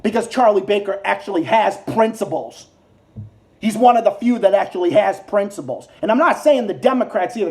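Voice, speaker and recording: A man's voice: sits high, a little mellow. Heated American male vlogger, profane political rant, repetitive. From United States. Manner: heated, profane, repeats insults over and over. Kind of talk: angry ranting monologue.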